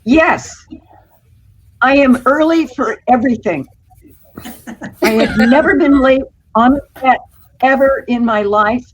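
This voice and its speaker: A woman's voice: high-pitched, takes it slowly, long pauses, breathy edge, low-quality recording. A woman guest on a video-call panel telling stories in a chatty way, laughing as she goes. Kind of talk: anecdotal chat.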